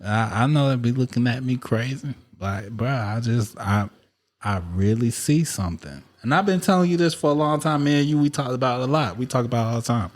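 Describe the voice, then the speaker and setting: A man's voice: mid-range voice, a little fast. Candid slangy man chatting on a podcast. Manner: loose, repetitive, slangy and candid. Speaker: podcast host. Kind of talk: casual chat.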